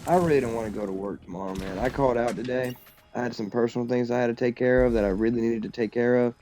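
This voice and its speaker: A man's voice: mid-range voice, fairly even intonation, fast talker, warm tone, faint music behind. A young man streaming a video game live, chatting casually in a loose, profane, rambling way and laughing often. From United States. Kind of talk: casual live-stream chat while gaming.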